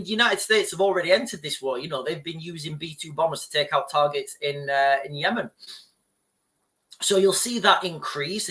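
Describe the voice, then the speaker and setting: A man's voice: fairly high pitch, a bit bright. A man vlogging political commentary to camera. He rambles, restarts his sentences often and keeps turning to the viewers as "guys". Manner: rambling, with frequent restarts and repeated asides to "guys".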